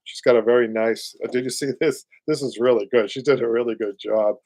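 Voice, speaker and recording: A man in his late fifties with a Boston accent, chatting loosely through a live stream as host. His voice sits at an ordinary middle pitch, and he rambles with plenty of "uh"s and easy chuckles. The sound is dry and close, with hardly any room around it. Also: steady tone, fairly quick, darkish tone, dry recording. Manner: rambling and chatty, many fillers, chuckles often. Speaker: upholsterer hosting a live show. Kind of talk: casual live-stream chat.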